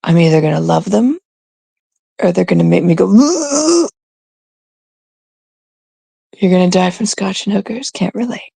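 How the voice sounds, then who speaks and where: This livestream host is a middle-aged Canadian woman whose profane, rambling chat with viewers comes out fairly quickly. She speaks on the low side with vocal fry and a dark, husky tone, captured in a dry recording.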